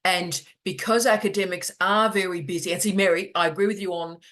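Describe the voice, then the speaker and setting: A middle-aged academic hosting online office hours in casual video-call chat, animated and jokey, repeating words for emphasis. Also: medium pitch, fairly quick.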